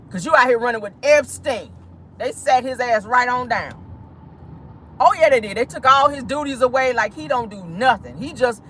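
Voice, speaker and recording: Sassy gossip host rambling from the car, swoops all over, says honey and child a lot, faint hum behind. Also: medium pitch. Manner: sassy, animated, laughing, peppered with "honey" and "child". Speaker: vlogger and gossip show host. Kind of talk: casual celebrity gossip monologue. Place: inside a car.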